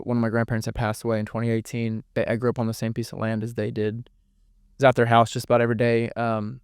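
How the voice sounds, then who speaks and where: A young man is a podcast guest in a candid, emotional interview, speaking earnestly, swearing freely and repeating words as he goes. His voice is medium-pitched and smooth, with studio-quality sound and no echo.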